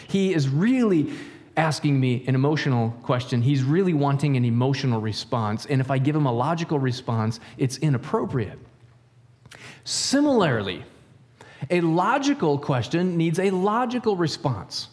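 Male pastor, conversational sermon delivery, slightly high voice. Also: expressive, moderate pace, a little mellow, in a large hall. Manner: conversational, asks rhetorical questions; acts out stories in quoted voices.

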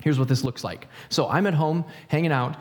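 A man's voice: a little high, fairly quick, darkish tone, long reverb tail. Conversational male preacher. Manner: conversational, asks rhetorical questions; acts out stories in quoted voices. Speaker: pastor. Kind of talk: sermon.

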